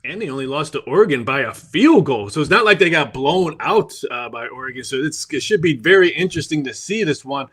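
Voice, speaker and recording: A man's voice: a little high, animated, brisk, hardly any pauses, a bit bright, slightly rough. A man co-hosting a sports betting show, ranting in a fired-up way. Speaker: co-host.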